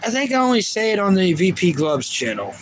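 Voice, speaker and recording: A man in his thirties is livestreaming, chatting casually and reading viewer comments aloud in a rambling way. His voice sits high and sing-song, he talks a little fast, and he restarts often. There's slight background noise.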